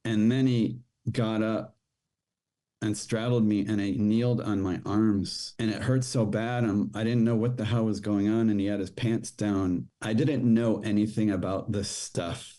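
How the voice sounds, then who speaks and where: Male podcast guest, low dark voice, halting personal testimony. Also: steady tone. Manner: plain, halting storytelling with fillers.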